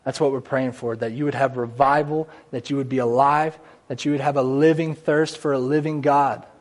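A man's voice: medium pitch, little pitch movement, moderate pace. A man preaching a conversational church sermon, with asides and small jokes along the way. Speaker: pastor. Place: church sanctuary.

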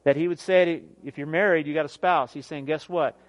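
A man in his thirties preaching a sermon as pastor, emphatic, swinging from near shouts to quiet, often asking "guess what". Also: on the high side, fairly even intonation, fast talker, highs cut off. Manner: emphatic preaching, rising to near shouts then dropping soft; repeats "guess what" and laughs at his own jokes.

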